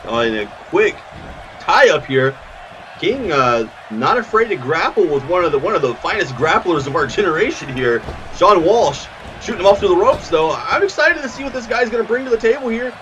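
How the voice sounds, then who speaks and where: Excitable wrestling commentator man with lively pitch. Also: normal speed, highs cut off, slight background noise. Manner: excitable, stumbles over words. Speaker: play-by-play commentator.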